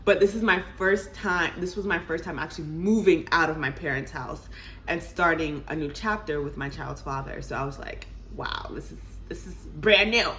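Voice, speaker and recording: A young woman in her twenties tells a casual vlog story to her viewers, animated and laughing and calling them y'all. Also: low voice, moderate pace, slight background noise. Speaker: vlogger.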